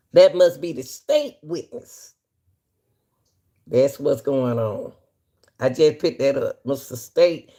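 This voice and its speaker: Slow-talking woman giving casual commentary. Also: low-pitched, darkish tone. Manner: unhurried, talks straight to viewers with folksy asides. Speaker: commentary host.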